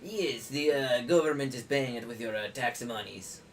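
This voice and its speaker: A fussy halfling innkeeper, put on by a man, greets guests in a hammy mock French accent. He is polite but hesitant, padding his lines with ums. The voice sits at a middle pitch with faint music underneath. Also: normal speed, far from the mic, close to an everyday voice.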